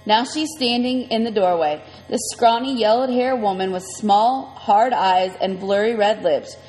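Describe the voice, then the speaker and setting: A woman's voice: mid-range voice, measured pace, darkish tone. A woman reading a first-person story aloud in a conversational, vivid way. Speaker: audiobook reader. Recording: long reverb, faint music.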